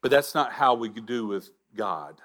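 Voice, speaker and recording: A man preaching a sermon as pastor, earnest, with halting restarts and drops to a near whisper for emphasis. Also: mid-range voice, animated, a bit bright.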